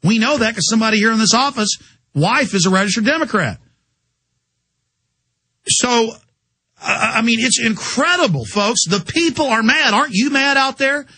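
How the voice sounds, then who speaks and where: A man's voice: extremely high pitch, expressive, moderate pace, pauses often, sharp tone, slightly rough. A man hosting a talk radio show, delivering a heated, insistent political monologue full of rhetorical questions.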